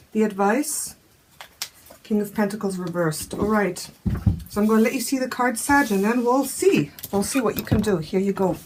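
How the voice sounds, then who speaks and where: A woman's voice: medium pitch, darkish tone, slight background noise. A woman giving a casual tarot reading, thinking aloud with fillers and restarts. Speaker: tarot reader.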